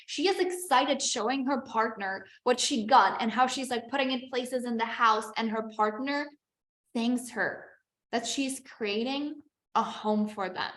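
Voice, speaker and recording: Woman coach, high-ish voice, chatty and encouraging, teaching live over a video call in an echoey room. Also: measured pace, fairly bright tone. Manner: chatty and encouraging, with frequent "like" and "okay". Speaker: business coach. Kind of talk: live online masterclass teaching.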